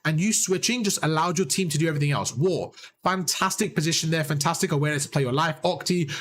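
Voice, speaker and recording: A young man coaching players and chat through a live game review, excited and rapid, his voice worn out. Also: on the high side, a little hiss or hum. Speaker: esports coach and streamer. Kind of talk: live VOD review commentary.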